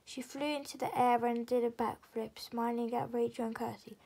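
A woman reading a children's chapter book aloud as storyteller, steady with small slips. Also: fairly high pitch, moderate pace, low-quality recording.

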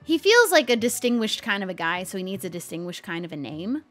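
A woman's voice: medium pitch, very animated, fairly quick, faint music behind. A woman chatting in character as a humble young witch, bubbly and self-deprecating. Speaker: roleplay series host in character as a witch. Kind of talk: in-character roleplay narration.

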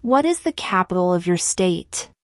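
Woman, low-pitched, measured, slow scripted question-and-answer reading, dry close sound. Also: big pitch swings, no room sound. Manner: measured, deliberate delivery with long pauses. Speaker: civics test reader.

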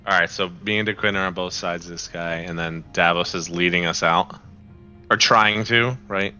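A man's voice: low voice, fairly even intonation, moderate pace, pushed and bright, faint music behind. A man playing a tabletop game, talking casually in a plain, matter-of-fact way. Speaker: player. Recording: dull lo-fi audio.

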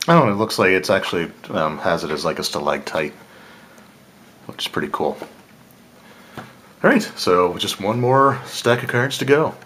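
A man's voice: low-pitched, normal speed, pauses often, slight background noise. A man casually talking through an unboxing, thinking aloud and correcting himself as he goes. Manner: relaxed, thinking aloud, small laughs and self-corrections. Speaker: channel host reviewing game cards.

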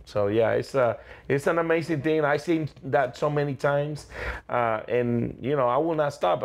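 Gravelly, husky man telling animated stories. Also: medium pitch. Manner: energetic, repeats and restarts, acts out quotes. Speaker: evangelist clown, guest. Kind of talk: animated storytelling interview.

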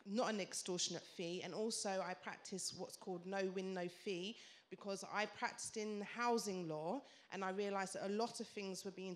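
A woman, speaking to an audience on a handheld mic and explaining her work in a composed way with frequent ums. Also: fairly low pitch. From Tottenham, London. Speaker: solicitor. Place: community event room.

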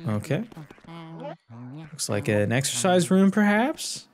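A man's voice: mid-range voice, measured pace, crowd noise. A man who hosts a gaming channel, giving joking, sarcastic let's play commentary. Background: game music.

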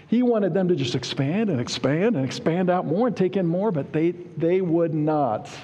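Man preaching with a mellow voice in a reverberant church. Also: fairly high pitch. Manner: conversational preaching, asks the congregation for amens. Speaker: pastor. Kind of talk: sermon. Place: church sanctuary. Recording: long hall reverb.

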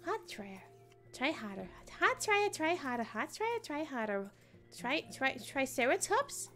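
A woman's voice: sits high, sing-song, unhurried, fairly bright tone, soft background music. A woman streaming a game, chatting playfully with her viewers and giggling often. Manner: playful, giggly, answering chat. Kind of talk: casual live-stream chat while gaming.

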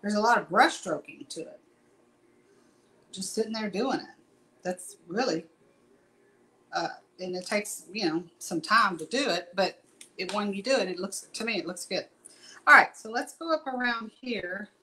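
A woman's voice: medium pitch, normal speed, long pauses, sharp tone, rough recording. Brief: middle-aged woman, folksy and chatty, rambling painting-class host. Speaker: painting instructor. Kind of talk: casual live painting tutorial.

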